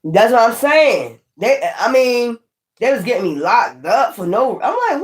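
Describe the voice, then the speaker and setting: Speaking at a moderate pace with a fairly high, animated voice, this woman delivers a casual tarot reading. She's blunt and swears freely, cautioning the viewer and saying things more than once to drive them home.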